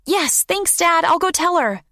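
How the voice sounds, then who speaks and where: A woman narrating an audiobook, voicing an eager, earnest young girl in a bright, quick manner. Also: extremely high pitch, animated, dry recording, clean studio sound, pitched above the performer's own voice, exaggerated voice. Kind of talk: audiobook character voice.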